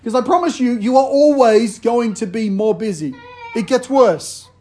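A pastor giving a sermon in a relaxed, humorous storytelling way, often joking with the congregation. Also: male voice, extremely high pitch, moderate pace, slight background noise.

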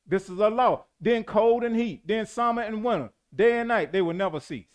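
Emphatic preaching man, fairly high voice. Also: normal speed, smooth. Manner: call-and-response preaching, rising to emphatic bursts. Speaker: pastor. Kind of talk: sermon.

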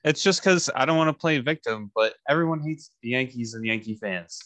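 A man's voice: medium pitch, a little fast, a bit bright, no room sound. A man co-hosting a sports podcast, chiming in with short agreeing remarks. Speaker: podcast co-host. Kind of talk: casual sports podcast chat.

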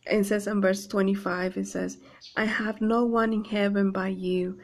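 Slow, flat-voiced woman giving a devotional. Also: mid-range voice. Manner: halting, many fillers and restarts, earnest. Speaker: Bible devotional speaker. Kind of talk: informal devotional talk reading and explaining a psalm.

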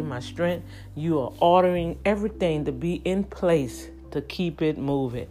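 A woman's voice: low-pitched, unhurried, dark tone, soft background music. Breathless fervent woman podcast host. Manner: fervent, preacherly, repeats phrases. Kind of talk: casual podcast talk with prayer.

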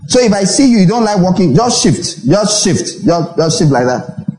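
A Nigerian man with a high voice preaches as a pastor at normal speed, soft music playing behind him. He animatedly repeats phrases and acts out little dialogues, recorded in an echoey, reverberant church hall.

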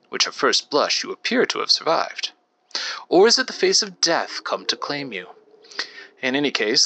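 A man hosting a game podcast, reading game text aloud and chatting casually with lots of fillers. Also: medium pitch. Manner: chatty, rambling, with frequent fillers. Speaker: podcast host. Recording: loud music behind voice. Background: loud music.

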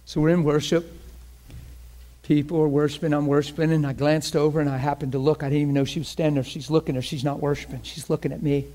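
A man preaching a personal testimony, swinging from hushed speech to loud, breaking, tearful cries. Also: a little high, level tone, quick pace. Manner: earnest storytelling with quoted speech. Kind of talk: testimony sermon.

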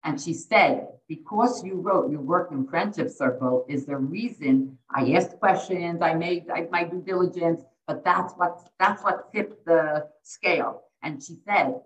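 A woman's voice: fairly low pitch, unhurried, few pauses. A middle-aged woman and dating coach, telling heartfelt stories in a podcast interview and sprinkling in Yiddish and Hebrew terms. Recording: echoey, distant, dull lo-fi audio.

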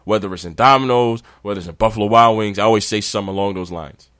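A man hosting a podcast, ranting in a casual, animated, slangy way. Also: on the low side, quick pace, dry recording, studio quality. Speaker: podcast host.

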